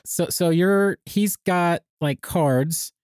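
A man co-hosting a podcast, chatting casually and reacting with animated remarks. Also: high-pitched, very slow, no room sound, clean studio sound. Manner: laughs easily, animated. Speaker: podcast co-host. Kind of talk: casual chat.

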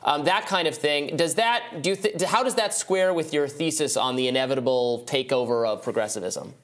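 A man hosting a political show, asking long questions in a measured, hesitant way with many fillers. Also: fairly high pitch, fairly bright tone. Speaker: host. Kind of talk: interview questions.

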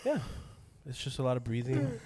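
Young male co-host, middle pitch, blunt and profane, deadpan banter. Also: normal speed, breathy edge. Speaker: podcast co-host. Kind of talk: casual chat.

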